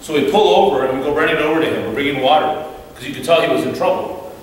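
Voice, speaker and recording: A man giving an animated storytelling talk as a guest speaker at a church, acting out the voices in his stories. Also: fairly high pitch, quick pace, a little hiss or hum. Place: church hall. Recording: echoey hall from far off, faint ambience.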